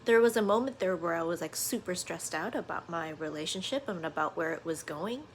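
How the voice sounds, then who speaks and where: A woman's voice: on the low side, lively intonation, fairly quick. Earnest woman in her thirties, casual reflective vlog, filler-heavy delivery, faint room hum. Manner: earnest, conversational, many fillers like "uh" and "you know". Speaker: vlogger. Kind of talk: casual reflective monologue to camera.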